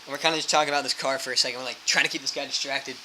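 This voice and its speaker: A man's voice: medium pitch, very fast, a little hiss or hum, low-quality recording. A young man, a missionary, casually telling a story full of fillers and acting out quotes. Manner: animated, fillers like "like" throughout, acts out quotes.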